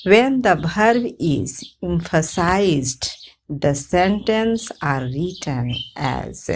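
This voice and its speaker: A woman teaching a grammar lesson, drilling example sentences in a measured, methodical way. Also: on the low side, animated, slight background noise. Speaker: English teacher.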